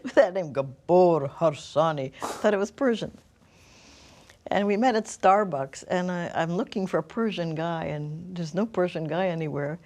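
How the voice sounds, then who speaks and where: A woman's voice: fairly low pitch, moderate pace, darkish tone. A middle-aged woman telling her personal story as an interview guest, thoughtful and searching for words.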